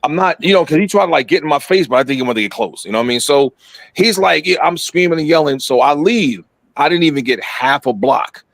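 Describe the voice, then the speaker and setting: A middle-aged man tells a story with loose, profane energy. His voice sits a little high and sounds dry and close. He jumps into the voices of the people in it. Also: quick pace, creaky, dry recording. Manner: animated, profane, acts out quotes. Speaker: podcast guest storyteller. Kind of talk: casual storytelling chat.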